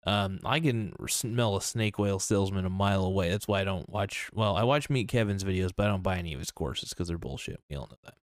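Talking fairly quickly with hardly a pause, a low-voiced man rants through a casual opinion podcast. He swears a lot, uses plenty of fillers and sounds blunt and skeptical. Clean studio audio, no echo.

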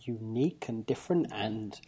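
A man in casual gaming chat, jokey and quick to laugh at his own slips. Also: lowish voice, lively intonation, warm tone, husky.

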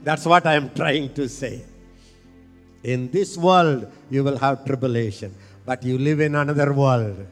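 A man from India preaching a sermon, impassioned and leading the crowd in call-and-response with slow, stretched phrases. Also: mid-range voice, soft background music.

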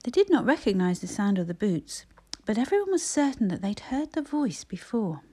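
A woman reading a classic children's story aloud with gentle, measured narration. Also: medium pitch, sing-song, slightly rough. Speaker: audiobook reader.

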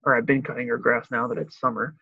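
A young man chatting casually with a friend, talkative and quick to laugh. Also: medium pitch, gravelly, no room sound, highs cut off. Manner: animated, talkative, laughs often. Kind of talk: casual chat.

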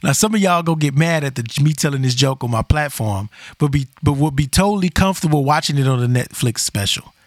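A man's voice: a little high, expressive, fast, few pauses, dry recording, studio quality. A man hosting a podcast, talking bluntly and casually in a rambling opinion monologue, often repeating himself. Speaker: podcast host.

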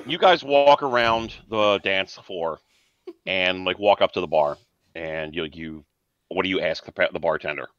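A man's voice: deep voice, normal speed, fairly bright tone, smooth, muffled recording. A man narrating as game master, describing scenes loosely with lots of fillers.

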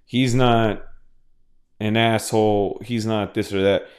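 A man's voice: on the low side, steady tone, slow pace. A man hosting a podcast, talking casually and at length, with many restarts and fillers, swearing freely. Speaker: podcast host. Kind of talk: casual solo podcast monologue.

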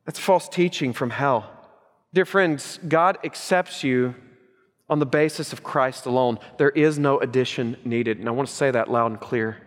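A middle-aged man preaching a sermon as pastor, emphatic and punchy, swinging between loud urgency and hushed gravity. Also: mid-range voice, moderate pace, in a large hall.

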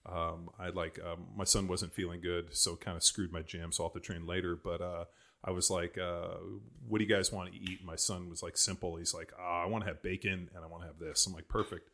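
A man's voice: sits low, level tone, fairly quick, a bit bright. A man in his forties chatting casually about raising his kids, rambling with lots of fillers and restarts. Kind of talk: casual chat.

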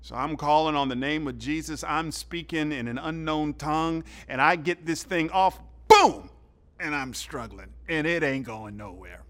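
Animated, forceful preacher, a man. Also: a little high, moderate pace, few pauses. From southern United States (Atlanta). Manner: animated storyteller, acts out quotes, swings from loud to hushed. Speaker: pastor. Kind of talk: sermon.

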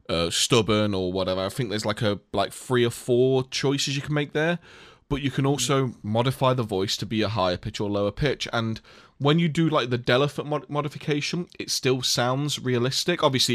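A man talks about games in a loose, chatty way, laughing at his own stories. His voice sits at an ordinary middle pitch. The recording is dry and close, with no room sound. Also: no echo. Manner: chatty, animated storytelling with laughs. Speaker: podcast co-host. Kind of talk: casual chat.

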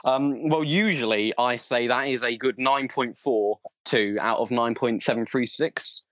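A young man co-hosting a casual podcast over an online call, earnest and halting with many fillers. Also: mid-range voice, fairly bright tone, no room sound. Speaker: podcast co-host. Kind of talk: casual opinion chat. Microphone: online call mic.

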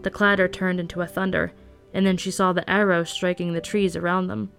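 A woman reading a novel aloud at a steady storytelling pace. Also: on the low side, fairly quick, creaky, soft background music. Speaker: audiobook reader. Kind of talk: scripted narration.

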